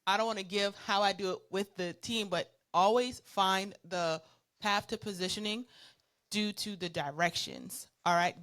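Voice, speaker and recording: A woman's voice: fairly low pitch, a bit bright. A woman co-hosting a business talk, explaining branding in a passionate, conversational way with frequent fillers. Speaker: co-host. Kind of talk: business advice discussion.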